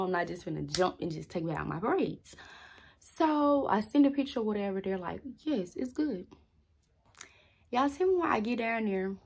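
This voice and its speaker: A young woman telling an animated storytime vlog to her viewers, acting out what people said. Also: medium pitch, gravelly. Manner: animated, addresses viewers as y'all, acts out quotes. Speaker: vlogger. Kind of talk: casual storytime to camera.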